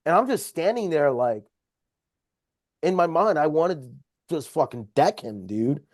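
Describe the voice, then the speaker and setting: Guy ranting about a beef, swears constantly, kinda high voice but dark and mellow, dry close mic. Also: big pitch swings, measured pace, no echo. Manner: profane, heated retelling of a confrontation. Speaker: podcast guest. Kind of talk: casual storytelling. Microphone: podcast microphone.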